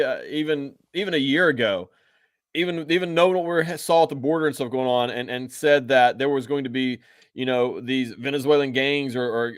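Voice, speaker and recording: A man's voice: medium pitch, dry recording. A man co-hosting a political podcast, talking casually and emphatically with frequent restarts.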